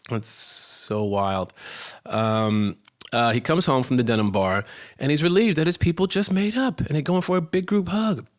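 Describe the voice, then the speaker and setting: A man's voice: medium pitch, normal speed, dry recording, studio quality. A man in his forties co-hosting a podcast, chatting casually, laughing often and reading out listener comments. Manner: easygoing, laughs often, hums along. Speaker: podcast co-host.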